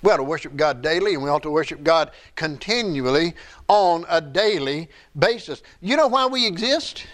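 High-voiced preaching man. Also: animated, moderate pace, a bit bright. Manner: conversational preaching, rises and drops in pitch for emphasis. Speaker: pastor. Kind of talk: sermon.

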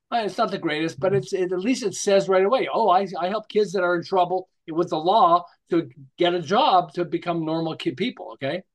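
A man's voice: high-pitched, a little fast, few pauses. An older man talking as an interview guest, telling stories animatedly, acting out quotes and often checking in with "okay?". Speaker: marketing guest. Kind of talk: storytelling interview talk.

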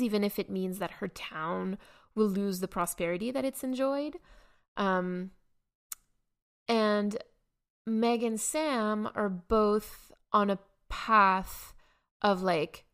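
A woman co-hosting a podcast, explaining her points in a casual way and often checking in with "right?". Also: mid-range voice. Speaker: podcast co-host.

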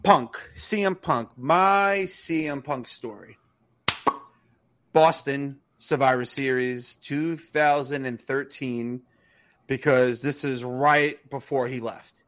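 A man co-hosting a wrestling podcast, telling a story in a casual, animated way with swearing and laughter. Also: mid-range voice, slow. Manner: animated, profane, laughs through stories. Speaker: podcast co-host.

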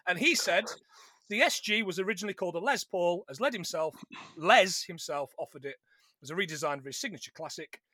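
A man's voice: high-pitched, brisk, sharp tone, no room sound, studio quality. A man, co-hosting a casual film podcast, swearing and laughing often. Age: 40s. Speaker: podcast co-host.

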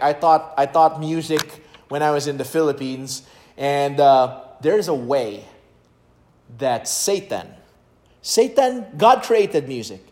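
Slow, high-voiced preacher man. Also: darkish tone, roomy sound. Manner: emphatic, sings hymn lines to demonstrate rhythm. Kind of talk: sermon.

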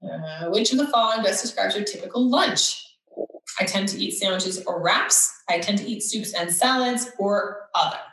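A woman's voice: mid-range voice, lively intonation, moderate pace, a bit bright. A woman host chatting casually and reading quiz questions aloud with sarcastic asides. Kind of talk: casual chat. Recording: echoey room, somewhat far from mic.

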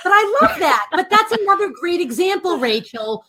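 Bubbly Boston woman with a bright, lively voice. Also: very high-pitched, normal speed. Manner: bubbly, gushing, laughs easily. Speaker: guest broadcaster. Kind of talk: casual live-stream chat.

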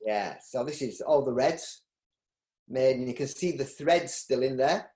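A man's voice: medium pitch, unhurried, a little mellow. A middle-aged man with a Yorkshire accent, talking as an interview guest in a loose, rambling way, often restarting his sentences. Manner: rambling, with frequent restarts and ums. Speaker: interview guest, business owner. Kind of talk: casual interview. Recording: roomy echo.

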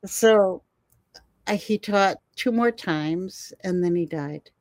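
An older woman, a herbalist guest, telling animated stories in a conversation and laughing often. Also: mid-range voice, slow, dry recording. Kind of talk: storytelling in a conversation.

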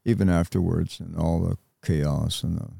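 Deep gravelly older man, halting. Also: fairly even intonation, mellow, dry recording, clean studio sound. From United States. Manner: halting, reflective, with many pauses. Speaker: interview guest, Vietnam veteran. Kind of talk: reflective interview talk.

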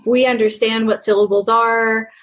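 A woman's voice: fairly high pitch, flat delivery, moderate pace. A woman hosting a podcast, asking questions and giving attentive backchannels. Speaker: podcast host. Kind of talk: interview.

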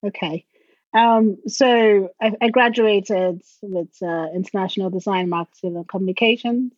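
A woman from Nigeria with a British-leaning accent, chatting as an interview guest, lively and acting out quotes as she tells stories. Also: medium pitch, moderate pace, no room sound, muffled recording. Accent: British English with a Nigerian background. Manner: animated storyteller, laughs and acts out quotes. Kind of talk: casual conversational interview.

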